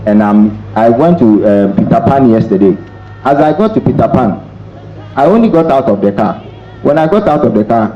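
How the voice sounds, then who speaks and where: A man speaking as the special guest at a seminar, emphatic and repeating his key phrases between pauses. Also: medium pitch. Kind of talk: motivational seminar talk. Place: seminar hall. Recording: dull echoey hall, faint noise.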